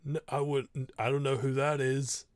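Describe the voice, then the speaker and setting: A man's voice: mid-range voice, level tone, moderate pace, no room sound, close to an everyday voice. A man voicing a nervous, sheepish male henchman who stammers and dodges questions. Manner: stammering, evasive.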